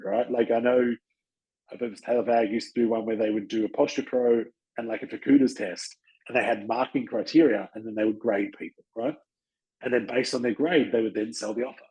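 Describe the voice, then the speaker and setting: A man's voice: medium pitch, a little mellow, poor audio. Blunt, chatty Australian man coaching. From Western Australia. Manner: blunt, chatty, acts out little dialogues with people. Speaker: podcast host and chiropractic practice coach. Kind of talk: casual coaching talk.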